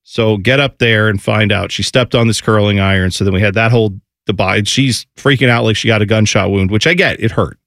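A man in his thirties, a radio co-host, telling a family story in a casual, animated way and acting out the voices of his kids. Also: on the low side, brisk, few pauses, dry recording, studio quality. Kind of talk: casual morning-show storytelling.

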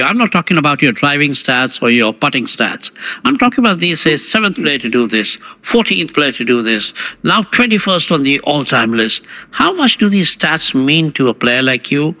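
Bright-voiced male reporter, long question. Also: on the high side. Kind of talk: press conference question.

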